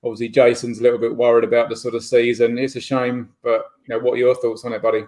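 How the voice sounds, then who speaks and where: A man's voice: medium pitch, monotone, fast, a little mellow. An English man hosting a sports podcast, talking casually and hedging with "sort of". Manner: hedging, says "sort of" often. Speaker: podcast host. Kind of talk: casual chat.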